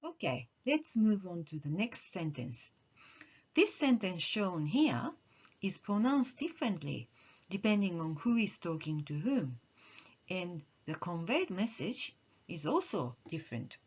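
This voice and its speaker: A woman teaching a language lesson, explaining slowly and carefully and acting out the intonation of example phrases. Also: fairly low pitch, husky. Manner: slow, careful explanation with animated demonstrations of intonation. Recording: muffled, slightly dull audio.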